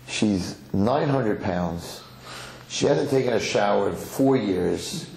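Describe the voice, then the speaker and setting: A man's voice: lowish voice, animated, takes it slowly, creaky, a little mellow, a little hiss or hum, exaggerated voice. A man telling a parable, voicing a rich castle owner who spoils his son, in an echoey hall. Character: rich father, indulgent master of a castle. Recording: echoey hall, faint ambience.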